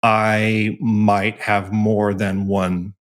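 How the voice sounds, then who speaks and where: A man with a lowish, level voice speaks extremely slowly. He's a guest on a podcast, chatting casually over a remote call with an easygoing, self-deprecating sense of humor.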